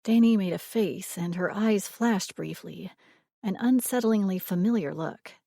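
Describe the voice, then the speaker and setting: A woman reading a romance audiobook in a measured, expressive way. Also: mid-range voice, gravelly, no room sound, studio quality. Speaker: audiobook narrator. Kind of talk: scripted romance narration.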